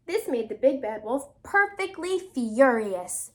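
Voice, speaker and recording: Animated high-voiced woman teacher reading aloud. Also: slow pace. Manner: animated, dramatic storytelling with frequent questions. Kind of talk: reading a storybook aloud to a class and asking questions.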